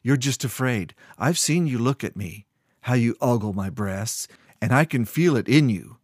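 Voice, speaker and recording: A man's voice: medium pitch, expressive, moderate pace, a little mellow, no room sound, studio quality, close to an everyday voice. A man voicing a bold, fiery young woman. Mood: forceful. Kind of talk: audiobook character voice.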